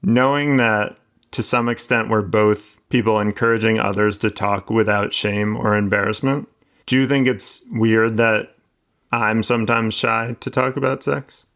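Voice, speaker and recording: Man, podcast host, lowish voice, self-deprecating, slightly shy. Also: fairly even intonation, measured pace, a bit bright. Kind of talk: casual podcast narration and interview.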